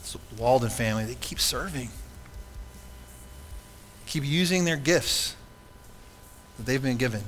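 A male pastor delivers an earnest, conversational sermon, asking his congregation rhetorical questions as he goes. His voice is bright and carries a long reverb from the church hall. A faint ambient hum sits underneath. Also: mid-range voice, lively intonation, unhurried, pauses often. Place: church sanctuary.

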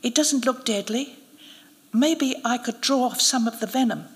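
A woman's voice: on the high side, animated, moderate pace, fairly bright tone. A woman voicing the cutting, dry lines of a scornful young woman in a story read at a live event. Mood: dry, guarded. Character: scornful young woman hitchhiker, cold and merciless. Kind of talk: literary reading. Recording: long reverb of a live event hall.

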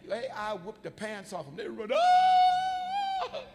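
A man, a bishop, preaching a sermon in church with animated, folksy storytelling that swings up into shouting. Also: sits high, moderate pace, in a large hall. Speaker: bishop and pastor. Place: church sanctuary.

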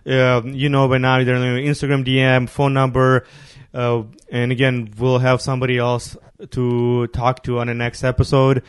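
A man's voice: medium pitch, completely flat delivery, moderate pace, few pauses, smooth, dry recording, clean studio sound. A man hosting a casual podcast, rambling and laughing as he tells stories and thanks listeners. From immigrant who arrived near his teens. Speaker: podcast host.

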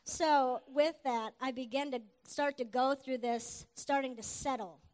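A middle-aged woman preacher giving an earnest, animated sermon testimony. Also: sits high. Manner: earnest, animated, with quick asides and laughs.

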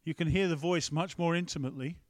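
A man's voice: a little high, fast talker. A man preaching a conversational sermon, breaking off to ask the room and the tech team for help. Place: church hall with a screen.

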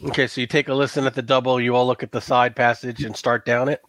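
A man's voice: mid-range voice, level tone, quick pace, a bit bright, dry recording. A man narrating a tabletop game as game master in a casual, rambling way, with lots of "like" and "um.".

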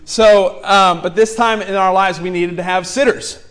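High-voiced pastor guy in his 40s, animated, jokey, acts out his story. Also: moderate pace, clean tone. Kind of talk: sermon storytelling.

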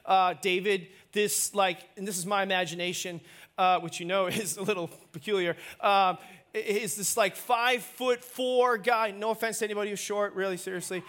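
A man's voice: high voice, fairly even intonation, normal speed, a bit bright. A man preaching a sermon as the pastor, playful and self-mocking, joking with the congregation and calling for responses.

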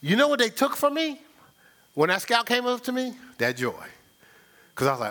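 An older pastor preaches a sermon in a very high-pitched, fairly quick voice. He tells stories conversationally and with animation, adding sound effects and laughter as he speaks directly to the congregation.

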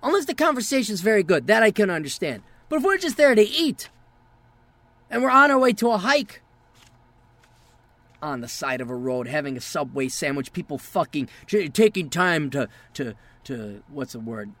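A man's voice: a little high, sing-song, normal speed, a bit bright. A man hosting a podcast, delivering a profane, exasperated rant. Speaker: podcast host. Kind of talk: ranting podcast monologue.

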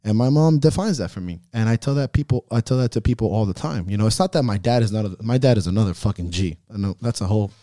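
A man's voice: fairly low pitch, animated, fast talker, hardly any pauses, warm tone, no echo, studio quality. A man hosting a podcast, telling heartfelt personal stories in casual talk full of swearing. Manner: profane, heartfelt storytelling. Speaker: podcast host.

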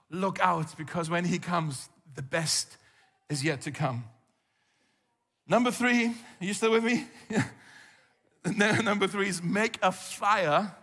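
Bright-voiced pastor preaching in a hall. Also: male voice, high voice. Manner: conversational, animated preaching with rhetorical questions. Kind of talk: sermon. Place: church hall.

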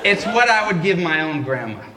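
A man's voice: very animated, moderate pace, a loud crowd, very noisy. Storyteller's take on a chill bearded clerk in salesman mode, slightly raised voice, echoey room. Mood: easygoing. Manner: easygoing sales pitch. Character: laid-back tall bearded male shop clerk. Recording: roomy echo.

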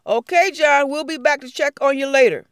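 A woman's voice: high voice, brisk, dry recording, clean studio sound, voice pushed up. A woman storyteller voicing a rescue worker calling out and pleading with an old man. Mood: urgent.

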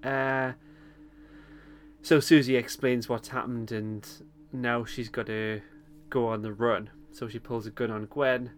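A man co-hosting a podcast, recapping an episode in relaxed chat, laughing often and pausing with lots of ums. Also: mid-range voice, slight background noise. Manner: chatty, laughs often, hesitant with many ums. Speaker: podcast co-host.

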